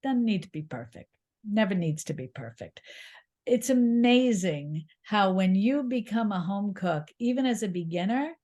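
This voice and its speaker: A middle-aged woman, a cookbook author, talking in an interview. She tells lively, encouraging stories and laughs often. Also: medium pitch, normal speed. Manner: encouraging, reassuring. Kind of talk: conversational interview.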